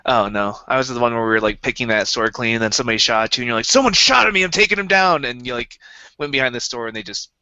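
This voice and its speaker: A man's voice: mid-range voice, fast, smooth, dry recording. A man co-hosting a podcast, chiming in and animatedly retelling a shared gaming story. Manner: chimes in, animated when retelling. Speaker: podcast co-host. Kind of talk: casual chat. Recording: dull lo-fi dry podcast audio.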